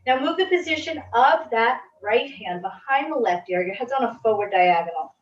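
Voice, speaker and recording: Woman fitness instructor calmly cueing stretches. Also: on the high side, normal speed. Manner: calm, reassuring cues. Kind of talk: guided exercise instruction. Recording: roomy, distant, dull audio.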